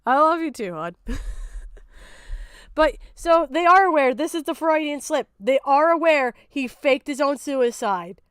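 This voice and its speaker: A woman's voice: sits high, animated, a little slow, no echo, studio quality. Goofy cartoonish-voiced woman streamer. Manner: laughs often, swears freely. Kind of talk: casual stream chat.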